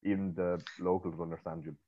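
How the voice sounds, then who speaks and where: A man with a Kilkenny Irish accent and a very deep voice, chatting casually on a podcast. He sounds worn out and repeats himself as he restarts sentences. The call audio is muffled and dull. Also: flat delivery, fast talker. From Ireland. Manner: chatty, stammering restarts, laughing easily. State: tired. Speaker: podcast co-host. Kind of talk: casual chat. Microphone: remote call.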